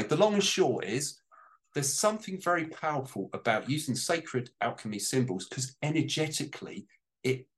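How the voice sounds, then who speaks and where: A man on a panel talking about a personal change in a heartfelt, rambling way, close to tears at times. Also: medium pitch. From United Kingdom. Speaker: guest on a panel. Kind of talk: emotional personal testimony.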